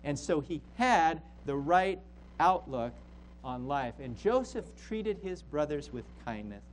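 A man's voice: a little high, lively intonation, a little slow, slight background noise, poor audio. A man preaching a sermon as a pastor, emphatic and repeating key phrases for stress.

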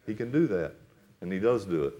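A man preaching a sermon to a congregation, reading Bible verses in a solemn old-fashioned cadence and explaining them, rising to loud emphatic peaks and dropping to quiet, low asides. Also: lively intonation, a little fast, highs cut off. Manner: reads scripture in solemn King James cadence. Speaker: pastor.

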